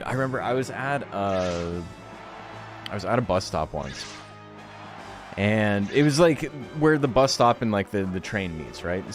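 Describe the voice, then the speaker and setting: A young man streaming a game, ranting sarcastically in casual chat, swearing and laughing often. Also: fairly low pitch.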